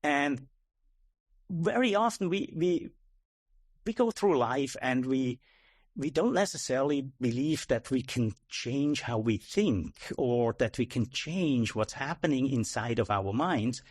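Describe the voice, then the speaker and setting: A man's voice: medium pitch, expressive, a little slow, a little mellow, dry recording. Reflective man coaching, dry close sound. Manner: reflective, explains with rhetorical "right?". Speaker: presentation coach, guest. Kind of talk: casual podcast interview.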